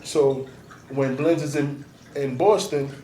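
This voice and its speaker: A man's voice: mid-range voice, takes it slowly, mellow. Blunt streetwise man, roomy sound. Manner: blunt, streetwise, profane, emphatic. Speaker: artist and DJ manager, guest. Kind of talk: casual interview talk. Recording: roomy, noisy, mic at a distance.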